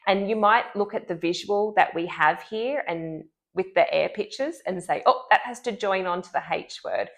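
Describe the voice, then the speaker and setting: In an instructional lesson, a woman speech pathologist models speech sounds clearly and deliberately. Her voice is mid-range.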